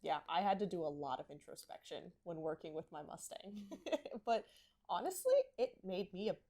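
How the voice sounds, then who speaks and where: Lower-voiced woman telling a heartfelt story. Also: expressive, moderate pace, mellow. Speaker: podcast co-host. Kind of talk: casual horse podcast chat.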